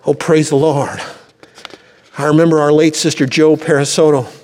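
An older male pastor delivers a fervent sermon, breaking into cries of praise between his stories, his voice ringing through the church with a long reverb tail. Slightly high for a man and darkish in tone, it comes at a moderate pace with a flat delivery.

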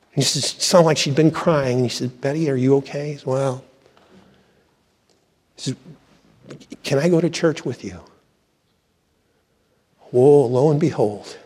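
A man's voice: mid-range voice, a little mellow, long reverb tail. An older man, a pastor, preaching a sermon with fervent praise and storytelling, recorded in a church.

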